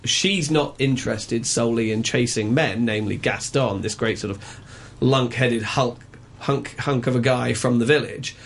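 A man's voice: mid-range voice, moderate pace, hardly any pauses, a little hiss or hum. A man reviewing a film in a casual radio chat, opinionated and chatty, with frequent ums and uhs.

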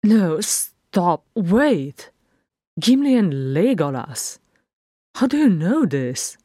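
Storybook dwarf prince, young, anxious, urgent questions, read by a woman, low and slow. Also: dark tone, no room sound, clean studio sound. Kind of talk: audiobook fan fiction reading.

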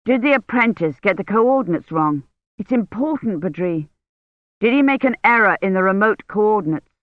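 A woman's voice: mid-range voice, animated, normal speed, dry recording, pitched above the performer's own voice, close to an everyday voice. A woman voicing an anxious older male academic pressing urgent questions. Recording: dull lo-fi recording.

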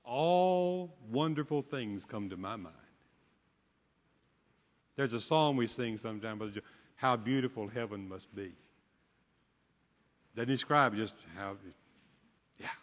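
A man's voice: medium pitch, slow pace, long pauses. An older man, a pastor, preaching a sermon with folksy storytelling and humor. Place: church sanctuary. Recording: long church hall reverb.

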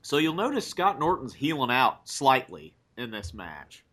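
Male podcast co-host, bright and forceful voice, relaxed joking commentary. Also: medium pitch, unhurried. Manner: laughs often, swears casually. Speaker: podcast co-host watching old wrestling. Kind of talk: casual chat, watch-along commentary.

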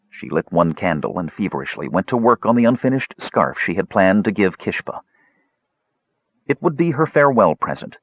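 Male narrator, husky, lowish voice, lively pitch, measured dramatic audiobook reading, dull lo-fi dry recording. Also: no room sound. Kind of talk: scripted narration.

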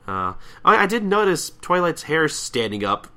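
Bright, animated man chatting. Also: on the high side, normal speed. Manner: animated, stammering restarts, swears. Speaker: podcast co-host. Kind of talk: casual chat.

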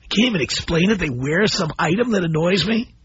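A middle-aged man hosting a call-in radio show, blunt and animated as he tells stories to his listeners. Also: sits high, fairly quick, breathy edge, no room sound. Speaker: radio talk show host. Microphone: studio microphone. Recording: dull broadcast audio.

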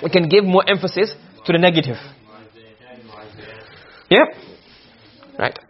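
A man's voice: high-pitched, a little slow, lo-fi sound. A man teaching a class, lecturing and explaining points by asking his students questions. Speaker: Arabic rhetoric teacher.

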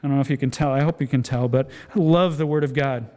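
A man preaching a sermon as a guest speaker, animated storytelling with acted-out quotes and self-deprecating humor. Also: medium pitch, quick pace. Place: church sanctuary. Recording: long church hall reverb.

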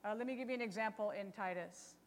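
A woman's voice: medium pitch, fast talker, in a large hall. A woman teaching a Bible study lesson in a chatty, teasing way, often asking rhetorical questions.

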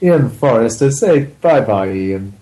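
A man's voice: medium pitch, animated, takes it slowly, mellow, rough recording. A man hosting a casual podcast panel, joking and signing off like a mock radio announcer. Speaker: podcast host.

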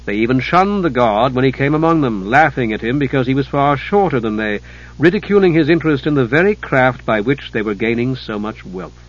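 Husky male storybook narrator. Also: medium pitch, animated, fairly quick, highs cut off.

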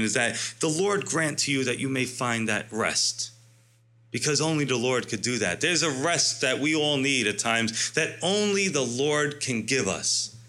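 A man's voice: medium pitch, pushed and bright. A man preaching an expository sermon, emphatic, stretching out key words and asking rhetorical questions. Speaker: pastor.

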